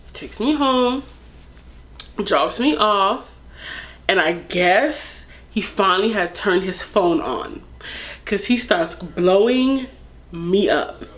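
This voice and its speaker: A woman's voice: mid-range voice, slow pace. Chatty young woman telling a story. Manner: animated, candid, chatty with fillers. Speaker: vlogger. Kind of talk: casual storytime.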